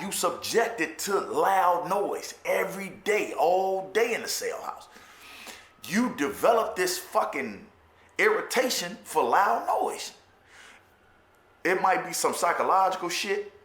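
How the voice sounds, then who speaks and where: With a high, very animated voice of fairly bright tone, a Chicago-accented man unhurriedly tells his own life story. Once incarcerated, he speaks candidly and profanely, often stammering and repeating words, in a roomy, echoing recording.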